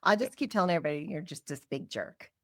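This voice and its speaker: A woman's voice: low voice, expressive, fast talker, no echo, studio quality. A woman co-hosting a podcast in casual chat, reassuring and laughing along with her guest. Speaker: podcast co-host.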